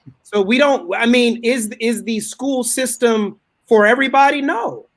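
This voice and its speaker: High voice guy on a talk show, keeps saying hold on, preachy. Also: moderate pace, gravelly. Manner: keeps cutting in with "hold on", lectures with repeats. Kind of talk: heated casual debate.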